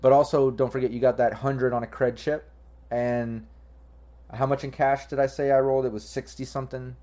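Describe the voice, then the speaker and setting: Casting: relaxed rambling game master guy, mid pitch, lots of ums. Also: fairly quick. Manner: loose, rambling, frequent ums. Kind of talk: narrating a tabletop game.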